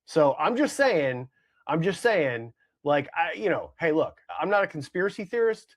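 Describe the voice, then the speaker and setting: A man's voice: a little high, big pitch swings, moderate pace, highs cut off. A man co-hosting a casual comedy podcast, rambling along with hedges, fillers and repeated phrases. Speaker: podcast co-host.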